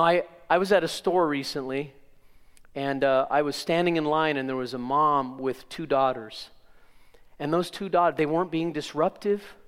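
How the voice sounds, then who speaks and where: An older man preaching a sermon, emphatic and speaking directly to the congregation. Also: a little high. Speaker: pastor. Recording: long hall reverb.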